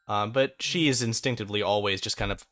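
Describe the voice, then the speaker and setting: A game master narrating a tabletop role-playing game casually, with fillers and quick laughs. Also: medium pitch, a bit bright, dry recording.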